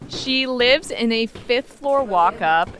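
A woman co-hosting a podcast, narrating scripted segments in a bright, playful way. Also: fairly high pitch, animated, takes it slowly. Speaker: podcast co-host.

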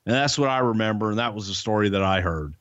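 A man's voice: lowish voice, fast, dry recording, muffled recording. A man co-hosting a podcast, casually telling second-hand stories with a lot of hedging. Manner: relaxed anecdotal telling with hedges. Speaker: podcast co-host, former wrestling insider. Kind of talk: casual storytelling chat.

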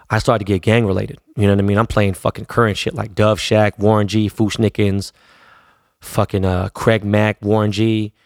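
A man's voice: on the low side, no room sound, clean studio sound. A man, a DJ telling stories casually in profane, laid-back street slang. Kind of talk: casual storytelling.

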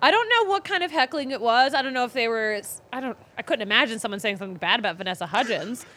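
A woman hosting a casual sports chat show, bubbly and quick to giggle. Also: on the high side, lively intonation, a bit bright. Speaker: host.

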